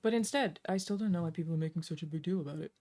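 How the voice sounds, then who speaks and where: A woman's voice: on the low side, racing, warm tone. A woman streamer in casual chat, blunt and exasperated, swearing freely.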